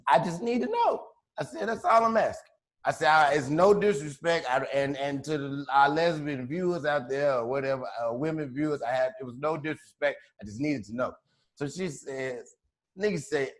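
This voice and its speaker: A man casually telling a long story on a podcast, profane and animated, acting out the other people's voices as he goes. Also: on the high side, moderate pace. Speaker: podcast co-host.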